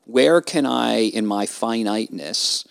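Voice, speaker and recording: Earnest gravelly-voiced man. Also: medium pitch, takes it slowly. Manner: earnest, emphatic, preacherly. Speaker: guest, trial lawyer. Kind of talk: casual podcast conversation.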